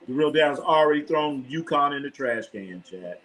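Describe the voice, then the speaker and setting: On a rough recording, a Los Angeles host of a live sports show trash-talks in a loose, animated, profane way during casual chat. His voice sits on the high side, and he speaks at a moderate pace.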